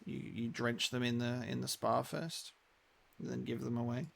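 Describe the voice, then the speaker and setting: Man, young adult, game streamer, gravelly, rambling casual chat, mid-pitched. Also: fairly even intonation, moderate pace, a bit bright. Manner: rambling, chatty, lots of "like" and restarts.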